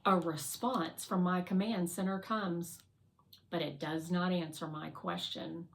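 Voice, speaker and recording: A woman narrating a children's novel aloud in a slow, clear, deliberate reading. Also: on the low side, steady tone. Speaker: read-aloud reader.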